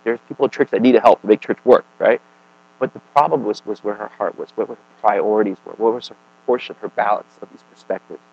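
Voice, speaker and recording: A man preaching a sermon in a casual, conversational way, often checking in with "right?" and "okay?", swinging between emphatic and quiet. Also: on the low side, quick pace, gravelly, dull audio.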